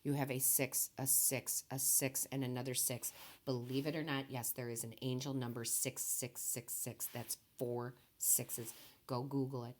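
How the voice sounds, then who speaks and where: Woman tarot reader, very low voice, soft and emotional, close to tears, gently reassuring. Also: little pitch movement, a little slow, a little hiss or hum. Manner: soft-spoken, emotional, reassuring, says okay often. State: tearful, voice low and quiet.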